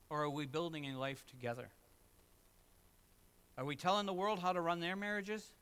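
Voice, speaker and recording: A middle-aged man preaching a sermon as pastor, moving between loud emphatic lines and low, quiet asides.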